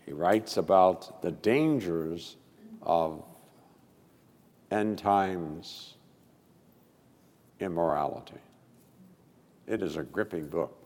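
Slow, lively-voiced preacher man in a hall. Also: low-pitched. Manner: expressive preaching with sudden loud emphasis. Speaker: pastor. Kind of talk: sermon.

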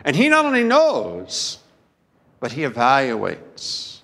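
Slow, deliberate preaching man in reverb. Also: medium pitch, huge pitch swings, gravelly, a bit bright. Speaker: pastor. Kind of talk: sermon.

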